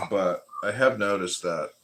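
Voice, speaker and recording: A man hosts a casual podcast and weighs his words in a measured, thoughtful way. His voice sits very low, yet it has a bright, forceful edge. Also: vocal fry. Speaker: podcast host. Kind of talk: casual chat.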